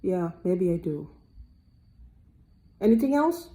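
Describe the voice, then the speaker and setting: A woman's voice: fairly low pitch, very animated, slow, mellow. A woman talking in a loose, rambling monologue, often repeating herself and restarting. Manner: repetitive, rambling, restarts a lot. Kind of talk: casual monologue to camera.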